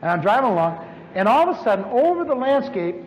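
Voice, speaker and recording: A man telling a lively personal testimony as a storytelling sermon, with repeated phrases and sudden exclamations. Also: extremely high pitch, fast, highs cut off. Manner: animated, repetitive storytelling with sudden shouts. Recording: reverberant hall with faint noise.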